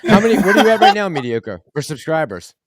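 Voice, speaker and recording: Tired, lively-voiced man. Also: a little high, fast talker. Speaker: co-host. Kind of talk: casual live stream chat.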